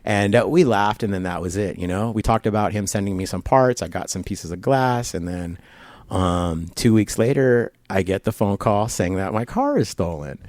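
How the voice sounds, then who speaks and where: His voice sits on the low side and moves at a moderate pace, recorded without room sound. The man is a barber-shop guest in an interview, animatedly telling a long, relaxed story, leaning on lots of fillers and performing the quoted voices.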